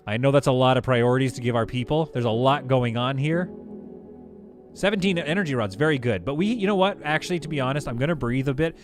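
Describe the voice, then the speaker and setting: A man talks through his game on a live stream at an easy, middle pitch, musing aloud and answering chat. He laughs readily and keeps things casual. A soft bed of music plays faintly underneath. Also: fast talker. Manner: thinks aloud, chatty, reads chat; relaxed, laughs easily. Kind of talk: live gameplay commentary.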